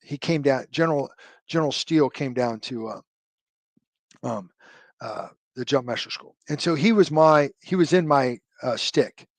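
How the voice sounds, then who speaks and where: A man's voice: mid-range voice, normal speed, no room sound. A man in his fifties, a retired army officer, telling a long military story as an interview guest with many fillers and self-corrections. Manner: rambling, many fillers and restarts, loose military jargon.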